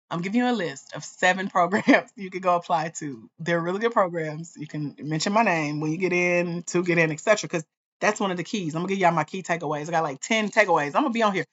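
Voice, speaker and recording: A woman hosting a livestream as a grants coach, talking straight to her viewers in an excited, chatty way. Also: fairly low pitch, highs cut off. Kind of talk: casual livestream chat.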